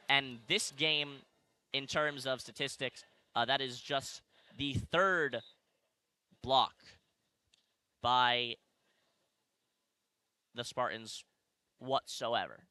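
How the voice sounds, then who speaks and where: Young male play-by-play announcer, very bright voice, dry sound, quick live calling. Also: medium pitch, no room sound. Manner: fast play calling with corrections. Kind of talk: live sports commentary. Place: arena broadcast position.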